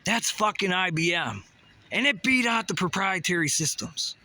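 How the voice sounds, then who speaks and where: A man's voice: high-pitched, animated, normal speed, sharp tone, dry recording. A man ranting to camera in a heated way, swearing often and firing off rhetorical questions. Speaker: vlogger. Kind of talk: profane conspiracy rant to camera.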